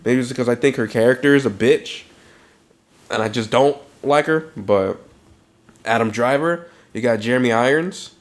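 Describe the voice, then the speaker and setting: A man co-hosting a podcast in a loose, casual way. His voice sits at an ordinary middle pitch, and he swears freely as he talks. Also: normal speed. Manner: loose, profane, animated film talk. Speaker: podcast co-host. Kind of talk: casual chat.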